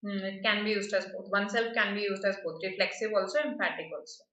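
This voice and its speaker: Lady teacher going over grammar, bright voice, echoey dull-ish room sound. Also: mid-range voice, steady tone, quick pace. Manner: patient, explains step by step with frequent "right?" checks. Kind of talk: online exam-prep lesson.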